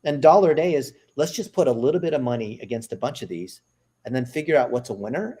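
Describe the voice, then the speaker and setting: A man as a podcast guest, explaining an ad strategy in casual interview talk, with quick asides and frequent "right?" checks. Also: medium pitch, darkish tone, husky. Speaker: podcast guest, marketing executive.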